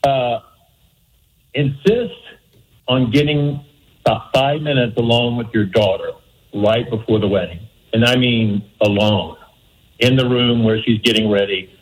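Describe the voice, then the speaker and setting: A man's voice: mid-range voice, steady tone, measured pace, pauses often, rough recording. A man calling in to a radio show, earnestly offering friendly advice. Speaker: caller. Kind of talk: phone-in advice.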